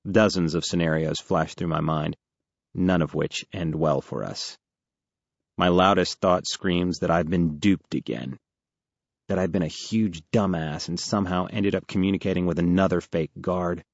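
Male audiobook narrator, very low voice, earnest and wry, dull dry recording. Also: fairly even intonation, moderate pace, vocal fry, dry recording. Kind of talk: first-person audiobook narration.

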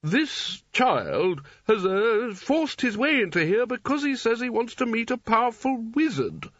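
A husky-voiced man voicing a prim, disapproving male wizard who talks in a slow, clipped, scolding way. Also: fairly high pitch, very animated, a bit bright, dry recording, voice pushed up, full character voice. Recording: dull lo-fi dry recording.

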